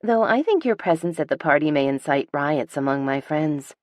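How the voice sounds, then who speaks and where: A woman voicing a bubbly, pushy young woman who insists on getting her way, talking brightly over every objection. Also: deep voice, expressive, moderate pace, no echo, studio quality. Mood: smug.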